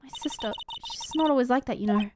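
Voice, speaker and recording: A woman voicing an earnest young woman who speaks softly and apologetically. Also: sits high, fast, noisy background, natural voice. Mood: worried.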